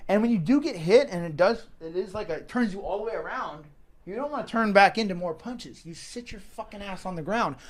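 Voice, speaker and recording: A man's voice: high voice, expressive, brisk. A fighter in a casual interview, talking in a rambling, profane way and often restarting his sentences.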